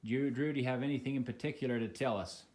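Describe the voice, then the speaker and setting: An American man steers a casual home-video interview from a living room. He talks in a halting way, with frequent fillers and false starts, at a middle pitch that is neither high nor low. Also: a little mellow. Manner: halting, many fillers and restarts.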